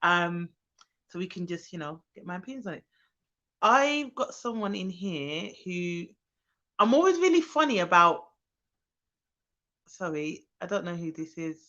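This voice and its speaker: A woman's voice: lowish voice, sing-song, a little slow, long pauses, pushed and bright, dull audio. Chatty woman on a live stream. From Birmingham, England. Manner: chatty, greets viewers by name, frequent ums. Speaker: childcare expert hosting a live stream. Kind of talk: casual live-stream chat.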